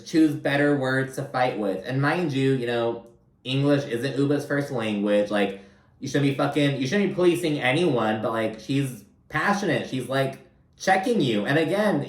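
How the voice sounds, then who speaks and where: A man's voice: medium pitch, far from the mic. A man chats through a reality TV recap in a loose, profane, filler-heavy way. He sits a little back from the mic, and the room rings around his voice. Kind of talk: casual recap commentary. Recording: roomy, from off-mic.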